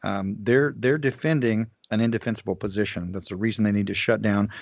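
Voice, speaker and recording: A man talking in a casual podcast conversation, halting and full of fillers and restarts. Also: on the low side, fairly even intonation, no echo. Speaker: podcast guest. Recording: dry, dull lo-fi sound.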